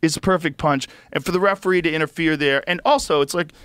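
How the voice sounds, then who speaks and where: A man hosting a podcast in casual chat, emphatic and swearing freely, loudly acting out the lines of the people he talks about. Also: a little high, fast talker, clear, resonant tone, dry recording, clean studio sound. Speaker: podcast host.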